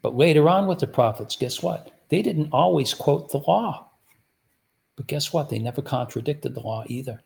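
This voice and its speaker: A man's voice: on the high side, expressive, normal speed, vocal fry, a little mellow. A man preaching a sermon, teaching through rhetorical questions he puts to his listeners. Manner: rhetorical, repeatedly asks the audience "guess what".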